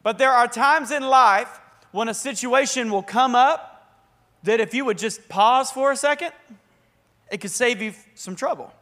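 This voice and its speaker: Pastor guy preaching, high bright voice, chatty and punchy. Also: unhurried. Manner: energetic, conversational preaching with bursts of emphasis. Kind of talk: sermon.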